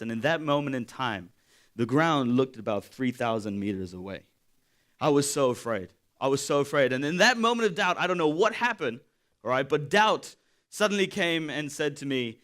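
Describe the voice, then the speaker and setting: A man's voice: a little high, a bit bright. A young man preaching a sermon, telling a story in a loose, conversational way with fillers and repeats.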